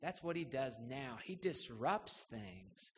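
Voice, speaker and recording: A man's voice: mid-range voice, sing-song, slow pace, husky. A middle-aged male pastor preaching a sermon in a church, talking in a conversational, self-deprecating way with many fillers. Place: church sanctuary. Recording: reverberant hall with faint background ambience.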